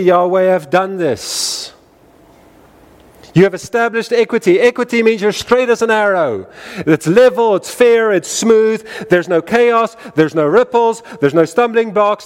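A man preaching a sermon in an emphatic style, repeating phrases with wide rises and falls in pitch. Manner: emphatic, repetitive cadence with wide swings in pitch.

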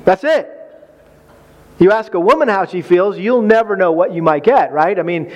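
A man's voice: sits high, expressive, moderate pace, darkish tone, dull audio, a little hiss or hum. A man preaching on marriage in a folksy, conversational way, acting out quotes with humor. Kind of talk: sermon.

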